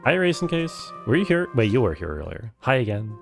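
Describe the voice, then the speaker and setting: A man's voice: mid-range voice, very animated, a little fast, gravelly, few pauses, faint music behind. A man streaming a first playthrough of a game, chatting casually with viewers and reading dialogue aloud.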